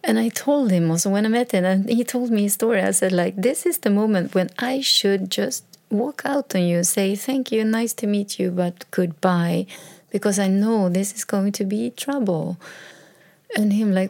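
A woman's voice: medium pitch, normal speed, vocal fry. A woman talking on her own as a podcaster, telling a personal story in a hesitant way, with restarts, and often dropping to a whisper. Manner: hesitant, with restarts and trailing phrases; drops into soft whispers when quoting texts. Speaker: solo podcaster. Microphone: recording on a microphone.

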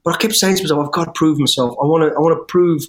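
A middle-aged man, an interview guest telling his life story in an animated, rambling way with restarts and swearing. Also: on the high side, racing. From English West Midlands. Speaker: interview guest, former soldier. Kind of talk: storytelling in conversation.

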